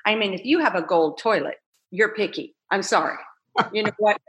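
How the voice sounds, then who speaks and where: A woman entrepreneur telling her story in a casual interview, animated and laughing as she acts out quoted voices. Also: medium pitch, moderate pace. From United States. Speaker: entrepreneur guest.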